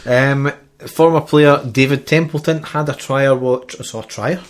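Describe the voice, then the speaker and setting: A man's voice: mid-range voice, fairly even intonation, unhurried. A man with a Scottish accent, co-hosting a football podcast, reading out news items with lots of ums and a joking tone. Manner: jokey, hesitant with many ums. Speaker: podcast co-host.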